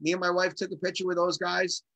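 A middle-aged man, a drummer, telling a story in casual conversation and acting out the quotes with animated energy. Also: sits high, fast talker, creaky, dry recording, low-quality recording. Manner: animated, acts out quotes in lively voices. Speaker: guest drummer.

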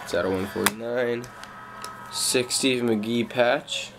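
A young man calmly listing off his trading cards in a casual showcase, with slang and frequent fillers. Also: medium pitch, slow, vocal fry, background noise. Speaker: card collector.

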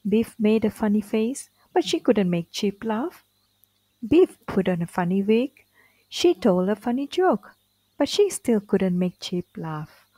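A woman reads a children's storybook aloud at an unhurried pace. Her voice moves lively up and down in a middle pitch. The sound is dry and close. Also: dry recording, poor audio. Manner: slow, clear and expressive. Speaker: storybook reader.

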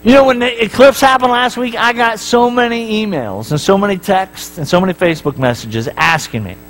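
A man with a notably high voice preaches to his congregation in a church. He keeps it casual, mixing stories and jokes with checks like "right?" to the crowd. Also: a little fast, a bit bright, faint music behind, low-quality recording. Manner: casual, joking storytelling, often asking the crowd "right?". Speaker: pastor. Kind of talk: sermon.

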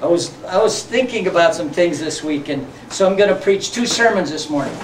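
A man's voice: sits high, lively intonation, fairly quick, background noise. A man preaching a sermon as pastor, folksy and joking, often laughing. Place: church sanctuary. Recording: echoey church sanctuary, mic from far off.

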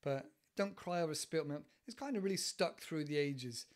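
A man's voice: a little high, normal speed. Chatty English man explaining idioms. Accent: English, West Country. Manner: chatty and digressive, laughs often, acts out examples. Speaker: English teacher and podcast host. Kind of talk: casual podcast lesson explaining idioms.

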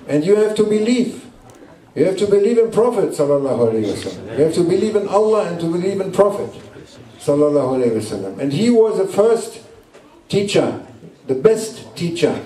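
Male Sufi sheikh, sermon, halting repeated lines, distant roomy recording. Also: sits high, dark tone. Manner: repeats short emphatic phrases, halting non-native English. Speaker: Sufi sheikh teaching a gathering. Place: indoor gathering room at a guesthouse. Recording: roomy echo, distant mic.

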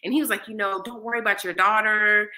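A bright-voiced woman tells a story as a guest in a casual interview. Her voice is medium-pitched and fast, the recording low-quality, and she animatedly acts out quoted dialogue.

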